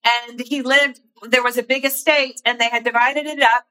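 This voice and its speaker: A woman giving a devotional talk in an earnest, personal storytelling way with soft asides. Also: a little high, steady tone, moderate pace, rough recording. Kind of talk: sermon.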